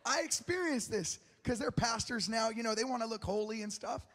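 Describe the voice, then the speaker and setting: A man's voice: very high voice, brisk, soft background music. A man preaching a sermon as pastor, telling personal stories with humor and joking with the congregation. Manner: lively, humorous storyteller who jokes with the congregation. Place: large church auditorium. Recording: long reverb of a large church hall.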